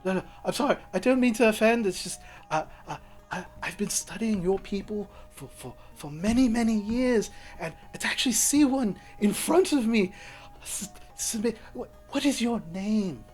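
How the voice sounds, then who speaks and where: A man voicing a fussy, excitable old archivist who stammers and turns shrill when alarmed. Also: moderate pace, faint music behind. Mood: flustered. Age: older.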